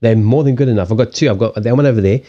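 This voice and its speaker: Talking very fast in a mid-range, dark-toned voice, a male live streamer and card reader rambles casually from a desk in his small home, restarting and swearing freely. His desk microphone on a stand cuts off the highs.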